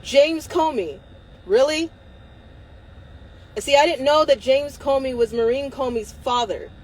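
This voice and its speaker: A woman's voice: high voice, measured pace, darkish tone, low-quality recording. A woman hosting a livestream, ranting angrily and defiantly with frequent swearing, close to tears at times. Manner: angry and defiant, swearing, laughing through tears. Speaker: livestream host. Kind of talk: impassioned livestream rant.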